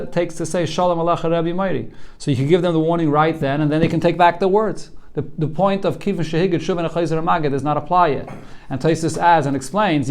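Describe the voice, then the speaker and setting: Earnest man explaining a text, slightly high. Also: a little mellow. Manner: earnest, repeats words when starting a thought. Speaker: rabbi teaching a Talmud class. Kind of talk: explaining a text line by line to students.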